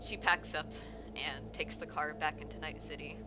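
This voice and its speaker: A woman's voice: sits low, little pitch movement, moderate pace, noisy background. A woman, a tabletop game player, casually describing her character's actions and correcting herself as she goes. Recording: music playing behind. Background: music.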